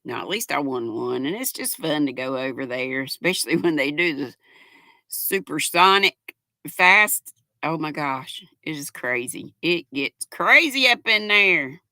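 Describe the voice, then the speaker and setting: An older woman livestreams from home, reading chat and casually talking to viewers she calls "y'all", chatty, giggly, and folksy. Her low, expressive voice is measured in pace and sharp in tone, with a dry, close sound and no echo.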